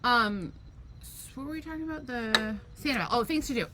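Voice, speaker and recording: A woman's voice: a little high, fairly quick, background noise. A woman co-hosting a podcast at home, chatting casually and animatedly and swearing freely. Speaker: podcast co-host. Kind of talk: casual chat.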